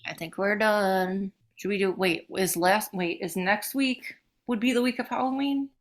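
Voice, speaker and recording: A woman's voice: mid-range voice, normal speed. A woman co-hosting a podcast in casual, chatty talk, swearing freely and laughing easily. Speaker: podcast co-host. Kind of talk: casual chat.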